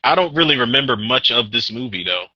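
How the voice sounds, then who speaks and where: A man's voice: mid-range voice, lively intonation, fast, bright, forceful tone, slightly rough, no echo, dull audio. A man co-hosting a podcast in casual, profane, ranting chat about movies, with a sore throat. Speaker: podcast co-host.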